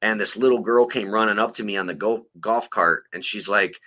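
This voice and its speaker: A man's voice: on the low side, a little fast, sharp tone. A man co-hosting a podcast, telling rambling stories in casual chat full of profanity. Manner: rambling, heavily profane storytelling. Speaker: podcast co-host.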